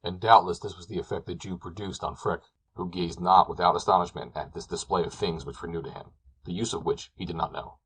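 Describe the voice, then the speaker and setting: A man narrating a classic novel as an audiobook, in a measured, descriptive storytelling manner. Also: sits low, steady tone, fairly bright tone, a little hiss or hum, rough recording.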